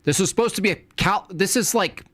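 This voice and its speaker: A man's voice: sits high, fast talker, fairly bright tone, no echo. A man hosting a live stream in casual talk, exasperated and sarcastic, sometimes dropping to a whisper. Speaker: streamer host.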